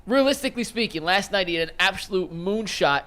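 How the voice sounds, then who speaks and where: A man's voice: high voice, animated, a little fast, pushed and bright. A man co-hosting a casual sports talk show, upbeat and enthusiastic.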